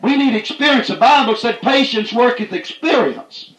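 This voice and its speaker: High-voiced folksy preacher man in an echoey room. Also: animated, moderate pace. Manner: folksy, repeats "that's right", rises to shouts. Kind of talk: fiery folksy sermon.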